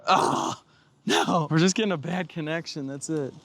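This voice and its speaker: A man vlogging while he repairs a car outdoors, joking with viewers in an excitable running commentary. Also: a little high, fast talker. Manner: excitable, jokey, talks to viewers. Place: outdoors in the sun.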